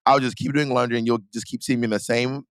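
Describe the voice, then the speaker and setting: A man guesting on a podcast, an animated storyteller who restarts his words often. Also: mid-range voice, quick pace, clean tone, dry recording, studio quality. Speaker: guest entertainer. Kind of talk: casual podcast chat.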